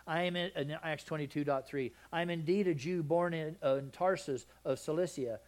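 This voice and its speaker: A man's voice: a little high, brisk, a little mellow. Folksy Southern man preaching a sermon. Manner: folksy, conversational preaching with questions to the congregation. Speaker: pastor.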